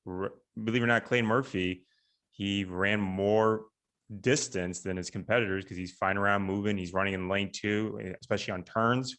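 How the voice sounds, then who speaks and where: A young man hosting a casual podcast interview over a video call, relaxed and halting, with many fillers. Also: lowish voice. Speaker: podcast host.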